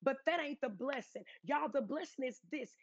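A woman's voice: high voice, expressive, moderate pace, no room sound, highs cut off. A woman evangelist preaching a sermon with fervent, repetitive exclamations. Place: home or studio, pre-recorded.

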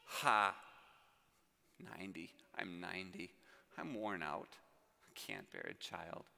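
A man voicing a weary, doubtful very old woman who scoffs in a quiet mutter, in a reverberant church. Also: low voice, expressive, takes it slowly, creaky, pitched below the performer's own voice, exaggerated voice. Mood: scoffing.

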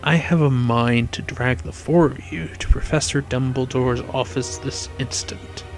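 A man reading aloud, voicing a stern older witch professor who speaks low and threateningly. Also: level tone, moderate pace, over music, lightly acted.

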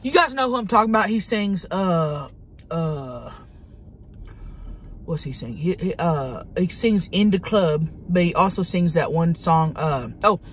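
A woman's voice: on the low side, animated, a little slow, slight background noise. A woman playing a brash, hot-tempered woman, who rambles profanely and dramatically in a comedic monologue from a parked car. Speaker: vlogger.

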